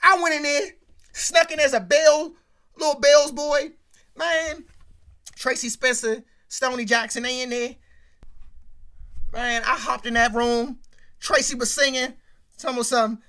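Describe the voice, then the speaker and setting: A man hosting a comedic rant show, telling stories in an animated, exclamatory way and repeating lines for effect. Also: extremely high pitch, a little slow, long pauses.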